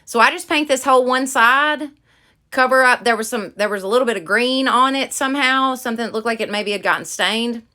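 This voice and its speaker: A woman's voice: fairly high pitch, fairly quick, bright, forceful tone. A woman in her thirties with a Southern US accent, chatting casually and gushing to viewers in a craft vlog. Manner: bubbly, gushing, folksy. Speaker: craft vlogger.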